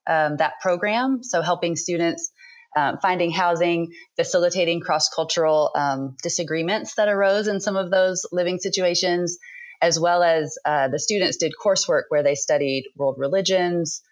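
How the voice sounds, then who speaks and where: A woman in her thirties, a book author speaking as a podcast guest, talking thoughtfully with frequent pauses. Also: fairly low pitch. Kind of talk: conversational interview.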